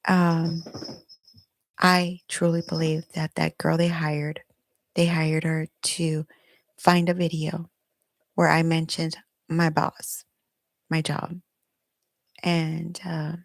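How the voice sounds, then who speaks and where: A woman's voice: low-pitched, vocal fry, dry recording. A middle-aged woman hosting her own podcast, telling a personal story candidly and emotionally while recording herself at home. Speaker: podcast host. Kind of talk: personal confessional monologue. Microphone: recording herself on video.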